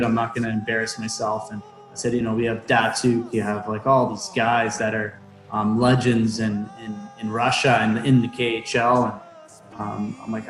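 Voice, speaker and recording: Speaking from home over a remote call, a young man who plays pro hockey gives a casual interview, stumbling with lots of fillers and restarts. He has a mid-range voice. The sound is reverberant and rough.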